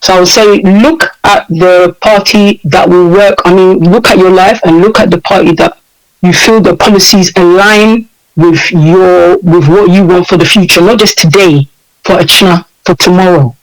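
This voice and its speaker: High-voiced, emphatic English man. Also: normal speed, poor audio. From United Kingdom. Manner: emphatic, repeats points, animated. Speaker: interview guest. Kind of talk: impassioned interview talk.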